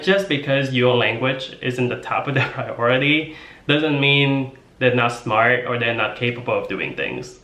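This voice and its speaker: A man's voice: medium pitch, a bit bright. A man in his twenties from Vietnam, talking casually and playfully to the camera as a vlogger, full of filler words. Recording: roomy echo.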